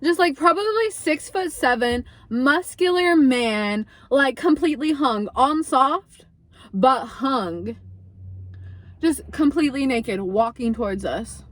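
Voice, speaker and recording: A young adult woman casually telling a story to camera, animated, swearing freely and acting out what people said. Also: sits high, slow pace, no echo. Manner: animated, swearing, acts out quotes.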